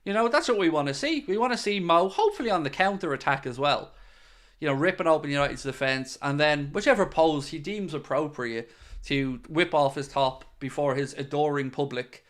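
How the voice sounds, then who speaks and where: A man's voice: on the high side, expressive, a little fast, a bit bright. A man hosting a casual live stream, chatting and answering viewer comments. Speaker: podcast host reading live chat.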